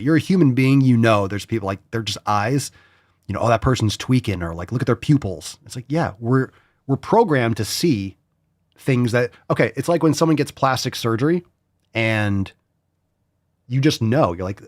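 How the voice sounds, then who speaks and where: A blunt, profane man holds forth as a podcast host. His pitch swings widely as he scoffs. The sound is dry and close. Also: no room sound. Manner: blunt, profane, mocking voices for emphasis. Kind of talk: casual opinionated chat.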